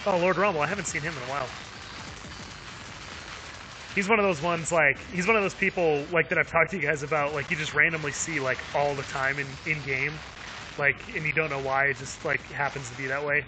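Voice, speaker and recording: A man's voice: fairly high pitch, noisy background. A man streaming a video game live, chatting upbeat with viewers, laughing often and using lots of fillers. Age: adult with young kids. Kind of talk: live gameplay commentary.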